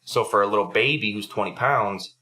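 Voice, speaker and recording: A man's voice: on the low side, a little fast, bright, forceful tone. A young adult man hosting a podcast, telling a story in a casual, profanity-heavy way. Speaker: podcast host.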